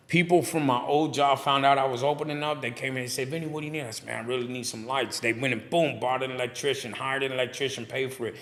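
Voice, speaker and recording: A man, animated, telling his story in a casual interview and acting out other voices. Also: mid-range voice. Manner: animated, preachy storyteller who acts out dialogue. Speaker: barbershop owner and guest.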